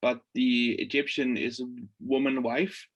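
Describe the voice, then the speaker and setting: A man's voice: mid-range voice, little pitch movement, unhurried. A man, a student in an online class, chatting with some hesitations. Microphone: video call.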